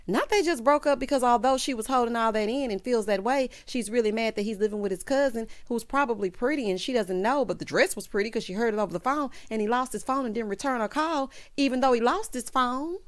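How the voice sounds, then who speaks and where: A woman talks through a TV episode in a sassy, gossipy recap. Her pitch swings widely as she chats. The sound is dry and close, with no room around it. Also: animated, fairly quick, no room sound. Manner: sassy, chatty, peppers talk with "child" and "honey". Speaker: TV show recap reviewer. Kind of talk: casual recap commentary.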